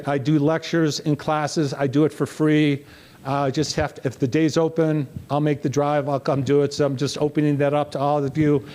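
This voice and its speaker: A middle-aged man giving a motivational keynote talk, telling stories and acting out the dialogue. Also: a little high. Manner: animated, acts out dialogue in quoted voices. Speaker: motivational speaker.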